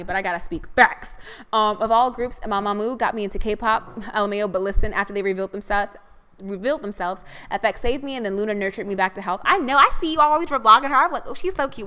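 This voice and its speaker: Bright-voiced young woman, chatty. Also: medium pitch. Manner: chatty, affectionate, calls listeners "honey". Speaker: podcast co-host. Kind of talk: casual chat reading viewer comments.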